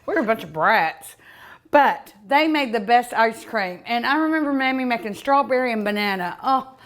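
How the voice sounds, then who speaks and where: A woman hosting a home cooking show, tasting dessert with drawn-out mms and ohs in a folksy, chatty way, outdoors at her home. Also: on the high side, expressive, a bit bright.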